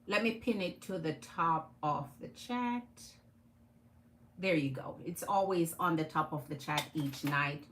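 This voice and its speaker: A woman's voice: low-pitched, a little slow, fairly bright tone, poor audio. A woman with a Jamaican accent hosting a live tarot stream, chatting with her viewers and greeting them by name.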